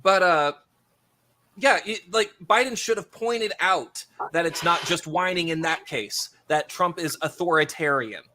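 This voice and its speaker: A man co-hosting a livestream, giving measured political opinions with an occasional stutter. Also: on the high side, sharp tone. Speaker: livestream co-host. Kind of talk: casual political debate chat.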